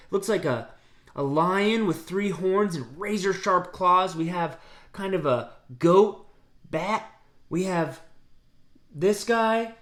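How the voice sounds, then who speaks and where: A man reading a picture book aloud, gently pausing to ask his listeners questions. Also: high-pitched. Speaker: storybook reader. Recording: roomy echo.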